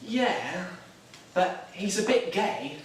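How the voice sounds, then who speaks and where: Playing a nervous, self-doubting churchgoer in a stage drama monologue, this young man sounds hesitant, wry and self-deprecating. His high voice is animated, exaggerated and extremely slow; the mic sits far off in an echoey room, with a little hiss or hum.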